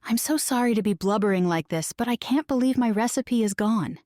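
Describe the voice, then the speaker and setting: A woman's voice: fairly high pitch, a little fast, a little mellow, no room sound, clean studio sound, lightly acted. A woman voicing a distraught, weepy middle-aged woman baker in an audiobook. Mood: upset.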